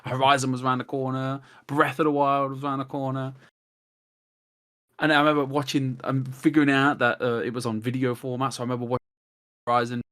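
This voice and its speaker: A man chatting as a podcast guest at an everyday middle pitch. He rambles through long anecdotes and acts out the lines of the people in his stories. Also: fairly quick. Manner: rambling, animated storyteller who acts out quotes. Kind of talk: casual podcast chat.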